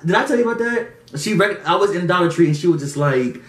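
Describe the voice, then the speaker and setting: A man's voice: high-pitched, fast. A man hosting his own channel, chatting casually with a friend and telling stories with frequent laughter. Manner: laughs often, animated storytelling. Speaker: channel host. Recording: echoey room, mic at a distance, faint noise.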